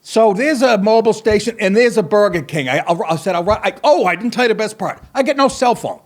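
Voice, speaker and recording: A man's voice: sits high, lively intonation, a little fast. A middle-aged man hosting a podcast, telling a rambling comic story full of swearing and self-mockery, with wry asides and bursts of laughter. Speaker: podcast host. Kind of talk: profane comedic monologue.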